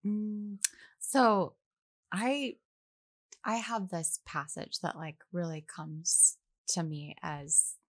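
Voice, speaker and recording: A young adult woman, a guest on a faith podcast, talking in a casual, animated way and acting out the voices she quotes. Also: fairly low pitch, very slow, no echo. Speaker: guest, actress.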